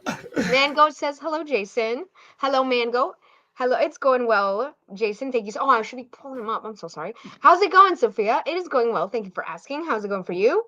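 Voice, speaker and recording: A woman co-hosting a podcast live stream, quickly and cheerfully reading viewer comments aloud. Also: on the high side, animated, a bit bright. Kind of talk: casual live-stream chat. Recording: dull lo-fi sound.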